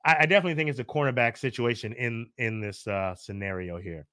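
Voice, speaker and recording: A man's voice: mid-range voice, quick pace, pushed and bright, no room sound, clean studio sound. A man co-hosting a casual sports podcast, laid-back and opinionated, using slang and laughing easily.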